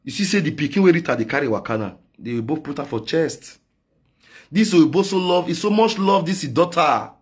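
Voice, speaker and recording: A man with a Nigerian Pidgin accent, delivering a loud comic rant in chanted, repetitive call-outs. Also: on the high side, expressive, brisk, breathy edge. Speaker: online comedian. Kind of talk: singing and shouting comic rant.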